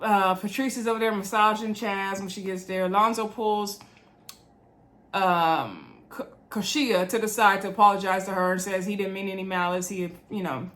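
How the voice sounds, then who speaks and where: A woman's voice: mid-range voice, normal speed, fairly bright tone. A young woman, chatting casually and gossiping to viewers as she recaps a reality show, often calling out to them directly. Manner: chatty, gossipy, addresses viewers as y'all, acts out quotes.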